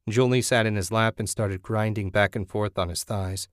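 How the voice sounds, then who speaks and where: Male narrator, low voice, steady measured reading, dry close sound. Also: dry recording. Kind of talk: audiobook narration.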